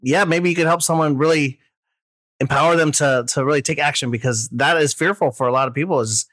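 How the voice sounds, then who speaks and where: A man's voice: fairly high pitch, a little fast, fairly bright tone, dry recording. A man hosting a podcast, speaking in a reflective, encouraging way. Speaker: podcast host. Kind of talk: casual interview talk.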